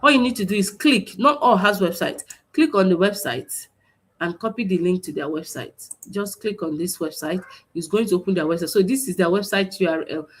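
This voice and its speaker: Lady teaching online, husky voice, lots of um and restarts. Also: on the low side, expressive, a little fast. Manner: repetitive, stop-start explaining with many fillers. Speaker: online class instructor. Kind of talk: screen-share tutorial teaching. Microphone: computer mic on a video stream.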